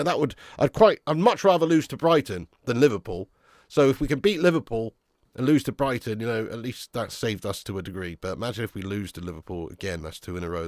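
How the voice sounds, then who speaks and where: A young man presents a football fan live stream, reading viewer comments in relaxed, bantering fashion, laughing often and calling viewers lad and mate. His voice is medium-pitched, and the clean studio sound has no room noise.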